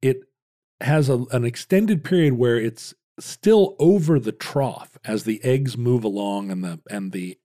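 A man in his fifties co-hosting a casual podcast, explaining at length in halting restarts with wry asides. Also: medium pitch, warm tone. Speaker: podcast co-host.

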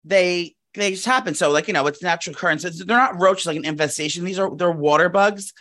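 A man co-hosts a podcast in loose, casual chat. His voice sits a little high for a man, and he rambles through stories with frequent fillers, restarts and casual swearing. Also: quick pace, a bit bright. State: out of breath. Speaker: podcast co-host. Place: New York apartment.

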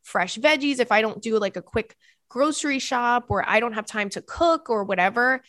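A young woman hosting a podcast in casual chat, animated and prone to high, squealing laughter, recorded close on a microphone. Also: normal speed, dry recording. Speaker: podcast host.

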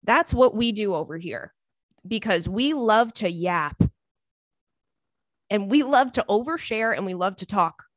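A woman's voice: mid-range voice, a little slow, long pauses, dry recording. Chatty woman podcast host, dry close sound. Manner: chatty, animated storyteller with playful squeals. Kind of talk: casual chat.

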